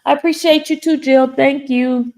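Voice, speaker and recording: Laughing through tears, this woman hosts a YouTube live stream, chatting casually and going through viewer comments. She speaks at normal speed in a high-sitting, darkish voice with fairly even intonation.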